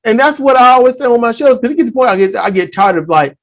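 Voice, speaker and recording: This is a podcast host with a lively, swooping voice that rises and falls a lot. They talk emphatically and often restart or repeat phrases. The pitch sits in a middle range, and the delivery is casual and conversational. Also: quick pace. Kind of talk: casual discussion.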